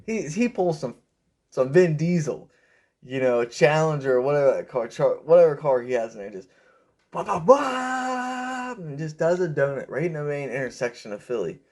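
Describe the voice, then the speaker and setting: A young man rambling through a personal story with lots of fillers, raising his pitch when he quotes people. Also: lively intonation, brisk, a little mellow. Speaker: vlogger telling a story. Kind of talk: casual storytelling.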